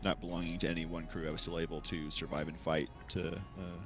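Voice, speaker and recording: A man speaking in character in a tabletop game, earnest and measured. His voice sits very low, with faint music underneath. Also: level tone. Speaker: player. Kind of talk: in-character tabletop role-play.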